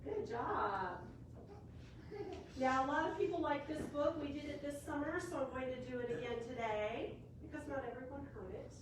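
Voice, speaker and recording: A woman's voice: high voice, moderate pace. A woman, a children's librarian reading a picture book to preschoolers and coaxing them with questions. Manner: bright, coaxing teacher talk with questions. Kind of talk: story time read-aloud for preschoolers. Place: library story room. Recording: echoey room, distant mic, faint hiss.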